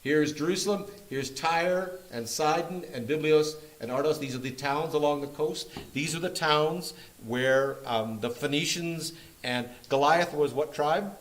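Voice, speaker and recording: A man's voice: fairly high pitch, a little slow, rough recording. A man leading a Bible study group, teaching from a map in a playful, joking way. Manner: jokey and playful, often laughing. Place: church meeting room.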